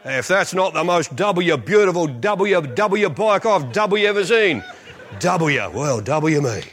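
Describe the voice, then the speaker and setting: A man voicing a gruff male biker, blunt and curse-laden. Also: high-pitched, big pitch swings, slow, a bit bright, pitched below the performer's own voice, heavily acted. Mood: astonished.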